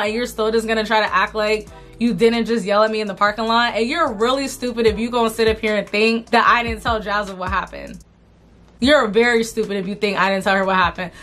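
A young woman vlogger telling an indignant storytime while doing her makeup, animated, full of slang and repeated phrases. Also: fairly high pitch. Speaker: beauty vlogger.

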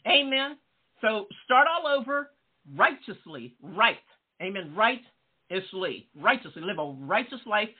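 A woman's voice: mid-range voice, sing-song, a little slow, breathy edge. A woman pastor preaching a fervent sermon, peppering her talk with "Amen" and questions to her listeners. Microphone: phone line, radio call-in show. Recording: tinny phone-line sound.

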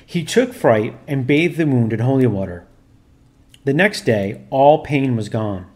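Male storyteller, formal and steady reading; mid-range voice. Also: mid-range voice. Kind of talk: scripted narration of a religious history.

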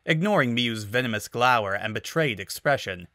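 A man narrating a fan-fiction story as a dramatic reading, in a measured, expressive manner. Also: fairly low pitch, dry recording, clean studio sound.

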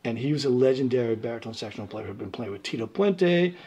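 Husky New man telling stories. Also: medium pitch, fast talker, dull audio. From New York. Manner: animated storyteller, loud when acting out quotes. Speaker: guest musician. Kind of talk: casual interview storytelling.

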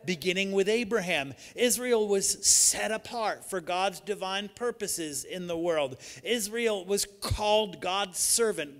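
A male pastor preaching a sermon with emphatic delivery, building up to shouted, repeated lines. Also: high voice. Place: church sanctuary. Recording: long church hall reverb.

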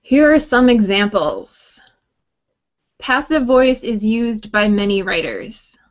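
A woman teaching a grammar workshop at an unhurried pace, friendly and explanatory, with light joking asides. Her voice sits at a middling pitch. The sound is slightly dull and lo-fi. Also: animated. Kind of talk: recorded grammar lesson talk.

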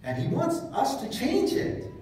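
Casual animated preacher man in echoey hall. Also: very high voice, measured pace, slight background noise. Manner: casual, joking asides, animated retelling. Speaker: pastor. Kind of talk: sermon. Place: church hall. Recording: echoey hall, mic at a distance.

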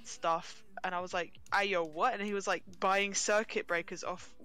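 Woman co-streamer, mid-pitched, chatty and teasing. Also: steady tone, sharp tone, clean tone. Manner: chatty, teasing, quick to laugh. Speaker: co-streamer and moderator. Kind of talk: casual chat on stream.

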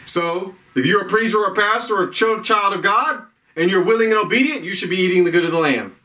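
A man's voice: high voice, fast, sharp tone, recorded from a distance. A man preaching an informal sermon, rambling, repeating himself and restarting his sentences.

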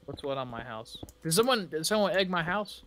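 A man's voice: a little high, sing-song, fairly quick, a crowd in the background. A man chatting playfully during a game, given to dramatic outbursts. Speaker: gamer. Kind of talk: casual gameplay chat.

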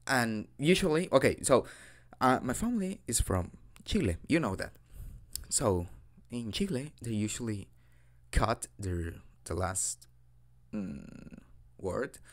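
A man in an improvised ASMR role-play as a dorky boyfriend, gently teaching with hesitant, halting phrasing. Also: medium pitch, very animated.

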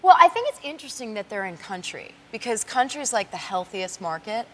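A woman's voice: mid-range voice, fairly quick. A woman with a New York accent, a talk show guest chatting casually and acting out quotes as she tells stories. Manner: animated storyteller, acts out quotes. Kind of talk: casual chat. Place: TV studio with audience. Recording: studio audience and noise.

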